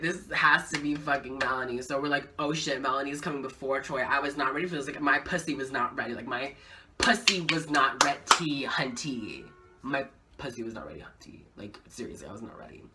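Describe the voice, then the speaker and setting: A young woman vlogger telling a casual story time, excitable and full of swearing. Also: deep voice, far from the mic.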